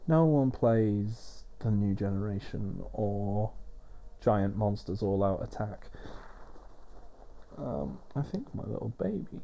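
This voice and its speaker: Very dark-voiced man rambling over a game. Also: on the low side, creaky, muffled recording. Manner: rambling, wry and chatty, swearing now and then. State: soothing a baby while he talks. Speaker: gaming video host. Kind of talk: off-the-cuff game commentary.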